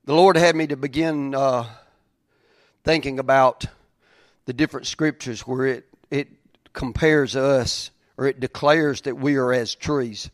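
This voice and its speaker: A man preaching a sermon, moving from quiet reflective reading to raised, emphatic preaching. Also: medium pitch, fairly even intonation, measured pace, no echo. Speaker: pastor.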